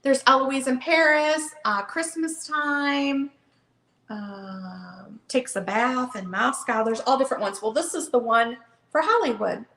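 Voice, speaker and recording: A woman's voice: sits high, measured pace, fairly bright tone, slight background noise. A woman hosting a live online book sale, chatty and upbeat, calling out bids. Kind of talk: casual live auction chat. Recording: echoey room.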